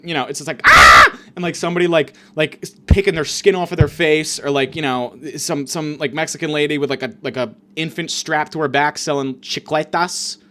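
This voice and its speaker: A man hosting a comedic monologue, ranting in a rambling, profane way, full of fillers and restarts. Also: fairly high pitch. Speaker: comedian host.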